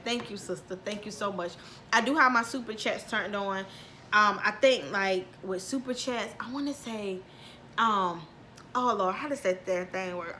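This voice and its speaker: A woman's voice: medium pitch, bright, forceful tone, slight background noise. A woman in her thirties chatting to her viewers from home, heartfelt and close to tears, with a lot of "y'all". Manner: heartfelt, says y'all often, near tears. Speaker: vlogger. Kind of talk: emotional casual chat to viewers.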